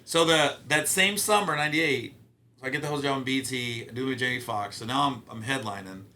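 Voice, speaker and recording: A middle-aged man from Ohio, a guest comedian telling stories in a casual, profane, animated way. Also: medium pitch, fast talker. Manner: animated, profane, acts out quotes. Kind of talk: casual storytelling interview.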